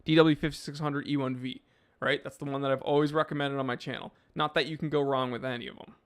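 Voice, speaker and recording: A man's voice: mid-range voice, flat delivery, fast, clean tone. A man hosting a live stream, reading chat messages and answering in a laid-back, rambling way with lots of fillers.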